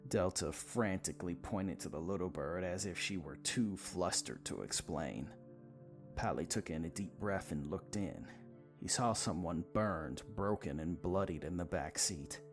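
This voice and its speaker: A man narrating a vampire story in a dramatic, expressive manner. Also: low-pitched.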